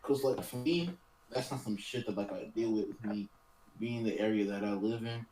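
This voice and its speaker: A man's voice: fairly low pitch, normal speed, music in the background. A man co-hosting a casual podcast chat, laid-back and slangy, often trailing off and restarting. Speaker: podcast co-host. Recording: roomy mic with faint noise.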